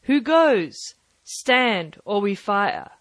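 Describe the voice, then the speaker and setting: A woman's voice: mid-range voice, measured pace, dry recording, natural voice. A woman voicing a stern ship's captain in an audiobook, curt and commanding. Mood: guarded. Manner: clipped, commanding, brusque. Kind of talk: audiobook character voice.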